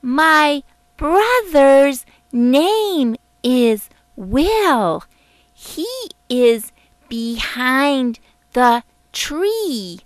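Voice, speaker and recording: A woman reading aloud voices a bossy little girl who speaks slowly and commandingly, stressing each word. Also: sits high, fairly bright tone, dry recording, voice pushed up, heavily acted. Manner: slow, emphatic, commanding.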